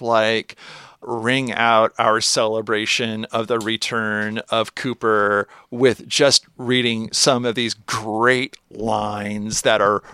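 Podcast guy, mid pitch, slow musing speculative talk, dead dry room. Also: fairly bright tone, clear, resonant tone, dry recording. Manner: thoughtful, speculative, drawn-out phrasing. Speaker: podcast co-host. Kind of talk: casual chat.

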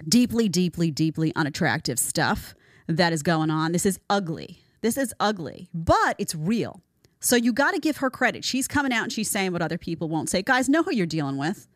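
A woman's voice: on the low side, sing-song, moderate pace, no room sound, studio quality. A woman hosting a reaction commentary show, talking emphatically and repeating phrases for stress. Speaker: host. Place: studio in Florida.

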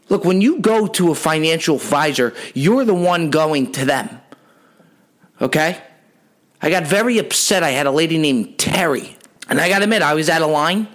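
A man's voice: fairly high pitch, fairly bright tone. A young adult man hosting a comedy podcast, telling rambling, profane stories in a brash, joking way. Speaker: podcast host.

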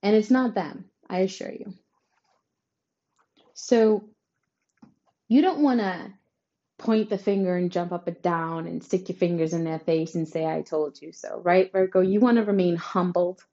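This astrology reader speaks to camera in a tarot-style horoscope reading, emphatic and reassuring, often ending points with "right?" Her voice is lowish and dark, a little slow with long pauses, and the sound is lo-fi.

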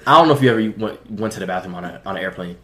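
A man's voice: sits low, lively intonation, rapid-fire, sharp tone. A young man from Florida telling a story in a casual chat, acting out what people said, with lots of slang.

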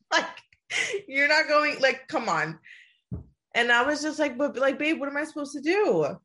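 A young woman in casual chat, animated and laughing often as she talks through tears. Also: sits high, a little slow.

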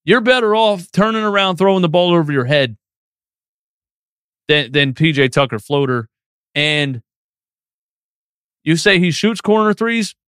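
A man's voice: fairly high pitch, measured pace, long pauses, fairly bright tone, clean tone, no room sound, clean studio sound. A man hosting a live post-game sports stream, reading chat questions and ranting with feeling. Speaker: sports podcast host.

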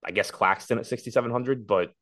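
A man's voice: medium pitch, fairly bright tone. A man co-hosting a fantasy basketball show, thinking aloud as he breaks down player ownership and projections. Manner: rapid, analytical, thinking aloud. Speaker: fantasy sports podcast co-host. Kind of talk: casual sports betting chat.

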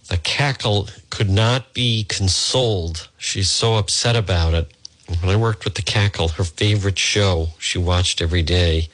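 A man's voice: lowish voice, a bit bright. A man hosting a talk radio show, blunt and sarcastic, heckling the news he reads. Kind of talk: opinionated radio commentary.

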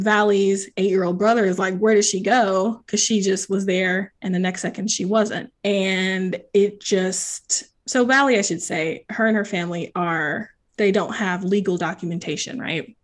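A young woman talks through a book in a loose, chatty way, full of "like" and "um" and restarting sentences. Her voice sits at a middle pitch, and she sounds like a relaxed podcast host. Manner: chatty, many fillers and restarts. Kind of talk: casual book podcast chat.

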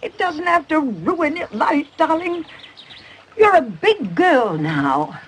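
An older mother in a film scene, brisk and affectionately scolding. Her voice sits high and swings wildly up and down, with a wry, theatrical lilt. Faint birdsong and outdoor air hang behind her. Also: big pitch swings, slight background noise, exaggerated voice. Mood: wistful, chiding.

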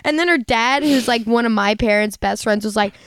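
A young woman co-hosts a podcast in casual chat, spinning animated, laughing stories with plenty of swearing. Her voice sits high and comes across smooth and clear. The sound is dry and close. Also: fairly quick, no echo. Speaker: podcast co-host.

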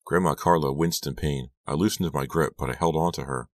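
A man reading an audiobook aloud as first-person narration, steady and measured. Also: a bass voice, dry recording. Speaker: audiobook reader.

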